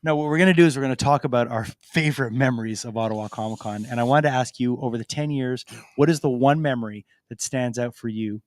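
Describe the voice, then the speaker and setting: A man's voice: medium pitch, fast, few pauses, no echo. A man co-hosting a live convention Q&A on stage, chatting in a friendly, rambling way with fillers. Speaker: convention organizer co-host.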